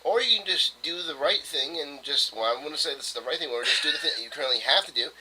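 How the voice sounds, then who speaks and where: A man's voice: a little high, fast, a crowd in the background, low-quality recording. A man co-hosting a casual podcast, arguing in a heated, profane, mock-lecturing way. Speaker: podcast co-host. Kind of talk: casual argumentative podcast chat.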